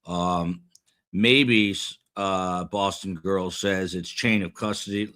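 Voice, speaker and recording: Middle-aged guy with a low voice, rambling through live chat, lots of ums, pokes fun at himself. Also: steady tone, sharp tone. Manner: rambling, self-deprecating, halting with fillers. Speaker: livestream host reading chat comments. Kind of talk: casual live commentary.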